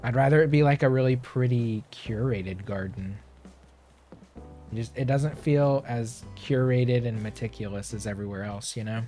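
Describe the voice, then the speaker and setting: A young man streaming a game, chatting casually and rambling to himself, his voice a little hoarse and often clearing his throat. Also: mid-range voice, moderate pace, mellow, faint music behind. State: slightly hoarse. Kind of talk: casual gameplay chat.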